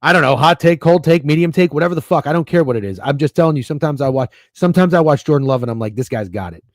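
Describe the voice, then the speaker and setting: A man's voice: fairly high pitch, very fast, dry recording. A man hosting a casual sports betting livestream, rambling and swearing freely as he talks through games and bets. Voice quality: profane, rambling, excitable. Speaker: sports betting stream host.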